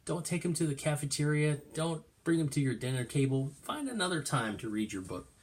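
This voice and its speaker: A middle-aged man teaching kindergarten, reading a storybook aloud in an animated, sing-song way. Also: a little high, brisk. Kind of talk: storytime lesson for young children.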